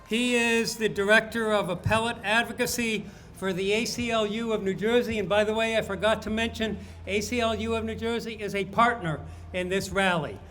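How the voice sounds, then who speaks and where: A man's voice: high-pitched, pushed and bright, slight background noise. A man emceeing an outdoor rally, introducing speakers and leading rousing call-and-response chants.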